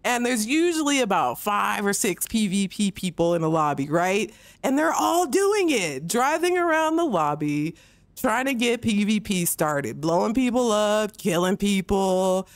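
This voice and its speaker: A woman's voice: medium pitch, very animated, unhurried, dry recording. A woman game streamer on a close mic, ranting heatedly and with plenty of swearing during a livestream, often mocking others in put-on voices. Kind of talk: livestream rant while gaming.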